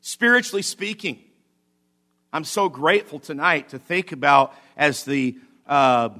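Emphatic higher-voiced man preaching a sermon. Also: lively intonation, measured pace, bright, forceful tone. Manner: emphatic, repeats key phrases, checks in with "Okay?"; rising to fervent exclamations. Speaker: pastor. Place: church service.

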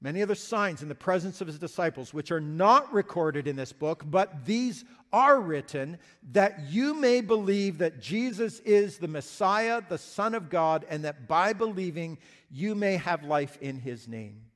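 A male pastor preaches an earnest, explanatory sermon in a high voice. He speaks slowly, often restarting and repeating phrases as he works through a point. His voice rings out with a long reverb, as in a large church hall. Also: lively intonation, fairly bright tone.

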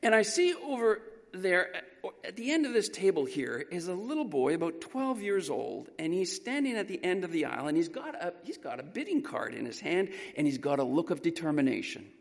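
A man preaching a sermon through an animated, emphatic story. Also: sits high, a little fast, creaky. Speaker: pastor. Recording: long reverb in a large hall.

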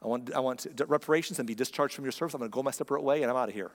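A man's voice: medium pitch, rapid-fire, big-room sound, pitched below the performer's own voice, close to an everyday voice. A man voicing a wronged soldier husband who speaks bluntly and indignantly, in a plain conversational tone.

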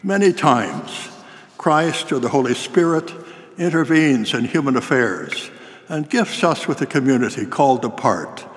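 An older man preaching a sermon in a cathedral, telling a story in a measured, formal way. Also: mid-range voice, big pitch swings. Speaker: priest. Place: large cathedral. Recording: long cathedral reverb.

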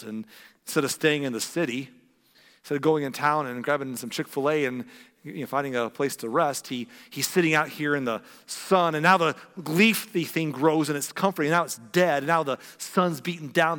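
A man's voice: a little high, a bit bright, big-room sound. A man from the American Midwest preaching a conversational sermon, acting out quotes with big jumps in his voice. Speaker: pastor.

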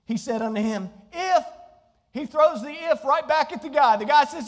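Man, pastor, preaching sermon, very high voice, long hall reverb. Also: normal speed. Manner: preaching, calls out to the congregation.

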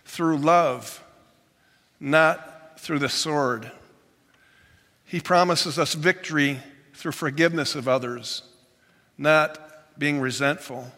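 A middle-aged male pastor preaches with an emphatic delivery, his voice lifting high when he exclaims. His tone is bright and forceful. A long church reverb trails after every phrase. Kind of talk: sermon. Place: church sanctuary.

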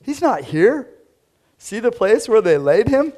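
A preacher, a man, voicing a calm male angel in a relaxed, unhurried way as he reads scripture. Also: high voice, pitched above the performer's own voice. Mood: laid-back. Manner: laid-back, unhurried. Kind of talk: scripture reading with a put-on voice.

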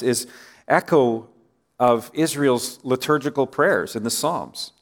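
A male pastor preaching in a relaxed, conversational way, with a voice of ordinary middle pitch. He keeps checking in with his listeners through rhetorical questions. His voice sinks softer and lower as phrases end. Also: unhurried. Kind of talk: sermon.

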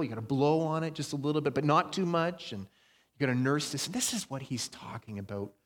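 A man preaching a sermon in a conversational way, slowing down and leaning on key phrases. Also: on the high side. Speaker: pastor. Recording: long hall reverb.

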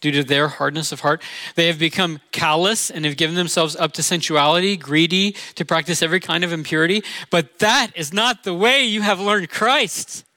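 A man's voice: on the high side, moderate pace, sharp tone, no echo. A middle-aged man with a Midwestern accent, preaching a sermon in an earnest, conversational way with rhetorical questions. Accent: Midwestern American. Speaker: pastor.

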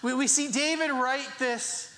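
A man's voice: extremely high pitch, steady tone, unhurried, bright, forceful tone. A man preaching a sermon in a conversational way, acting out prayers with rising emphasis. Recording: long hall reverb.

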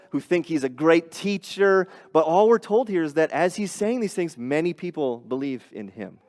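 A man's voice: sits high, in a large hall. A man preaching a sermon as pastor, earnest and explanatory, often restarting phrases and rising on emphatic points.

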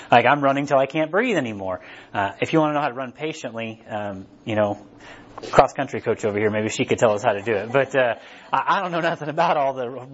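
A man's voice: mid-range voice, a bit bright, husky. Male preacher, casual and conversational, mid-range voice, slightly muffled lo-fi recording. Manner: conversational, asks "right?" often. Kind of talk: casual sermon.

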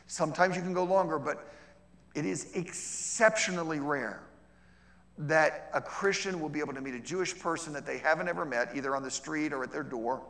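Slightly high, gravelly-voiced man teaching in a hall. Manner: conversational, checks in with frequent "okay?"; acts out dialogue with lively shifts in voice. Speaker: missionary teacher. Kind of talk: teaching session on outreach. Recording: long reverb of a large hall.

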